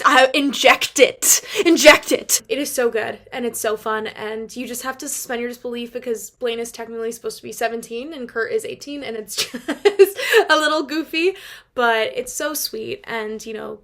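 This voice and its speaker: A young woman with a fairly high voice narrates a casual video essay. She talks like an excited fan, leans on fillers and drops the odd swear word. Her voice sits above the usual range for a woman. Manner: chatty, gushing fan, heavy on fillers.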